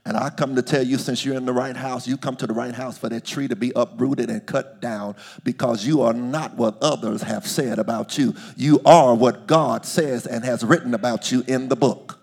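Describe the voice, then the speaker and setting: A man preaching a sermon, calling out to the congregation and swinging from hushed asides to loud, drawn-out declarations. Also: medium pitch, steady tone, creaky, slightly rough. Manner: call-and-response preaching, swings from hushed to shouting.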